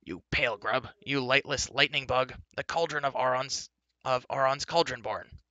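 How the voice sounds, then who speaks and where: A man's voice: mid-range voice, normal speed, sharp tone, no room sound, highs cut off, voice pushed up, close to an everyday voice. A man voicing a brusque, bossy male dwarf who scolds and gives orders. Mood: scolding.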